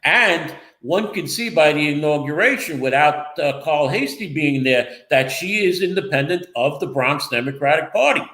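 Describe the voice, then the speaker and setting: A man's voice: on the high side, lively intonation, normal speed, hardly any pauses, pushed and bright. Defensive New man in an echoey studio. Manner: defensive, rambling, repeats the other host's name. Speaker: co-host and local reporter. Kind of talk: casual political chat show.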